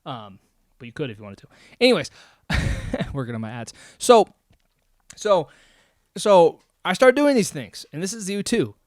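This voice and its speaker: Animated guy, dry close sound. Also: high-pitched, measured pace, pauses often, dry recording. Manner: animated, swings between loud bursts and mumbled asides, curses casually. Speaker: mental health video host. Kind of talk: casual monologue to camera.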